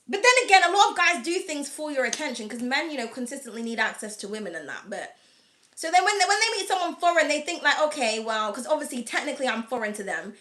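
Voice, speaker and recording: A woman's voice: high voice, sing-song, fast talker, bright, forceful tone, roomy sound. A woman hosting an astrology reading channel, chatting casually and bluntly to camera, swearing freely. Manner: frank and blunt, swears freely, laughs often. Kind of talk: casual candid chat to camera.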